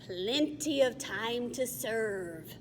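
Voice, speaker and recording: A woman voicing a fat, brutish male troll with a low growling voice, in a storybook reading. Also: animated, drawn-out words. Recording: faint long reverb, faint hiss.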